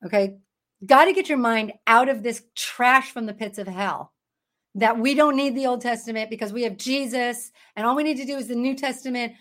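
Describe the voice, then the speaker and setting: Woman doing bible study on her phone, kinda high voice, chatty but punchy. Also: normal speed, a bit bright. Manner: chatty and emphatic, breaks into laughs and mock voices. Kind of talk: casual preaching to camera.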